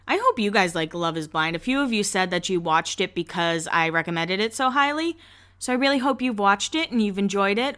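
A woman's voice: medium pitch, fairly bright tone. A woman hosting a podcast, chatting casually and gossiping about reality TV. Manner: chatty, gossipy, quick asides. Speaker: podcast host. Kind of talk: casual pop-culture recap.

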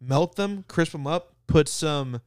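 A man's voice: a little high, takes it slowly, clear, resonant tone, no room sound, studio quality. A young man co-hosting a podcast, laughing a lot and defending himself in casual banter. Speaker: podcast co-host. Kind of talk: casual chat.

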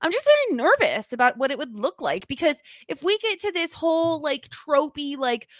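Woman, podcast co-host, bouncy pitch, dry close mic. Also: dry recording. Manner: animated, quick to joke. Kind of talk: casual chat.

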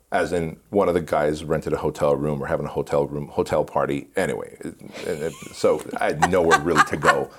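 A man guest in an interview, telling animated stories and laughing often. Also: very deep voice, brisk, a little hiss or hum. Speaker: podcast guest. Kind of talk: casual storytelling interview.

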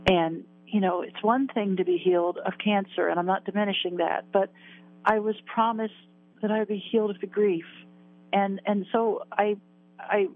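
A woman's voice: medium pitch, dry recording. A woman in her sixties, a guest in an interview, recounting a personal near-death story earnestly and emotionally, repeating words and laughing at herself. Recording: tinny phone-line sound.

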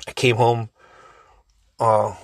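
A man's voice: mid-range voice, flat delivery, slow, creaky, no room sound, clean studio sound. A man in his forties casually telling a family story, rambling, cursing and laughing often.

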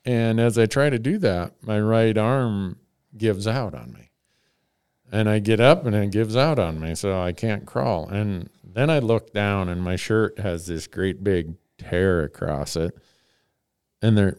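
A man's voice: low-pitched, a little mellow, smooth, dry recording, studio quality. A man hosting a podcast, telling a rambling, self-mocking story in casual chat and chuckling often.

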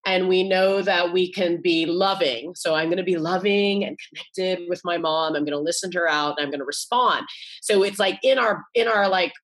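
A woman's voice: lowish voice, moderate pace. A woman in her forties, a guest author, talking earnestly in a casual interview and often restarting and repeating her words. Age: 40s.

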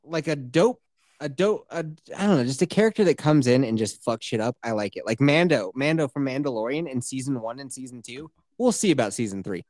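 Animated, swearing man recapping a show. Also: medium pitch, a little fast, no room sound, clean studio sound. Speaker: podcast host. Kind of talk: casual chat, TV recap.

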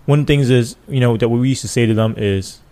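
This ex-police officer talks fast, his pitch sitting in the middle range, as he recounts stories in an informal interview. He performs the voices of those he quotes, animated and slangy.

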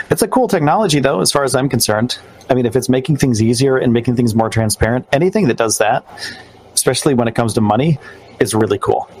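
A medium-pitched man hosts a podcast in New York, chatting casually in a live-stream style. The recording is rough with a little hiss or hum, and he rambles with loose restarts and fillers.

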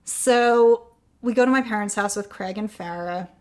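Woman, podcast guest, personal storytelling, acts out quotes, softens on hard parts, medium pitch. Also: normal speed. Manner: animated, acts out quoted dialogue; drops to a soft, quiet voice on hard parts.

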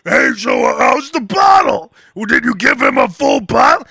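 A man's voice: very high-pitched, wildly swooping pitch, normal speed, creaky, shouting, crowd noise, voice pushed up, exaggerated voice. A man voicing a fussy young father who nags the babysitter with questions. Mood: fussy nagging. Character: fussy anxious young dad grilling the babysitter.

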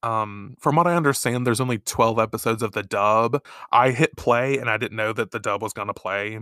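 Bright-voiced man gushing in casual chat. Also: lowish voice, moderate pace, clean tone, no room sound, studio quality. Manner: gushing, chatty, heavy use of "like". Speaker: podcast co-host.

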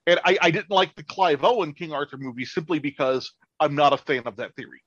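Brief: halting, blunt, foul-mouthed male podcast co-host, dry close mic. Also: on the high side, a bit bright, no room sound, dull audio. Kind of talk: casual chat.

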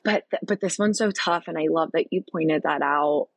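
A woman's voice: low voice, normal speed, no echo, low-quality recording. A woman guest coach in a casual podcast conversation, earnest and affirming, with many filler likes.

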